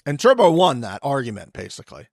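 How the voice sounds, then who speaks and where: A man co-hosting a casual reality-TV recap podcast, animated and acting out quotes in little put-on voices. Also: medium pitch, quick pace, creaky, dry recording, studio quality, faint music behind. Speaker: podcast co-host.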